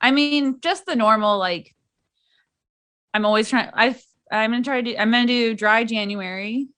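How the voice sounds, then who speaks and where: A young woman talks casually with a friend on a podcast, joking at her own expense. Her voice is bright and a little high. She keeps things loose and chatty. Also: moderate pace, clear, resonant tone. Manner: easygoing, self-deprecating, chatty. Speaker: podcast co-host.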